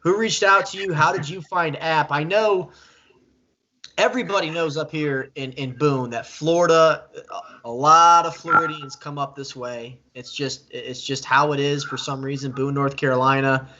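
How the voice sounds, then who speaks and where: A man's voice: fairly high pitch, moderate pace, bright, forceful tone, muffled recording, a little hiss or hum. A man hosting a casual live-stream interview, chatty and enthusiastic, often repeating himself. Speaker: host.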